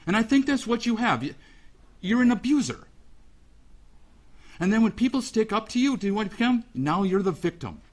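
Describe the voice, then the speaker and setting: A man with a somewhat high voice addresses a courtroom as a victim's father. His delivery is emotional and halting, with restarts and repeated phrases throughout. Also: very animated. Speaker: father giving a victim impact statement.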